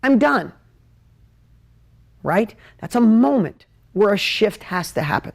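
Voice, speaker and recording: A man teaching at a whiteboard on a live stream, emotional and animated, jumping between ideas and talking straight to his viewers. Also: high voice, normal speed, creaky. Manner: talks straight to viewers, asks for comments. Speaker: business coach hosting a live stream.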